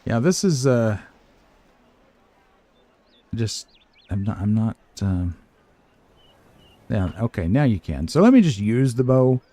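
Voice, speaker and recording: This older man's mid-range voice is warm and very animated, though slow, with long pauses. Playing a video game as a streamer, he rambles hesitantly to himself and jokes about his own fumbling.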